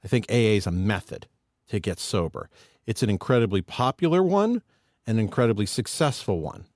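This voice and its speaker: Low-voiced man musing on a podcast. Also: expressive, brisk, a little mellow, dry recording, clean studio sound. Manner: reflective, thinking aloud. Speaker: podcast co-host. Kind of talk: casual recovery podcast chat.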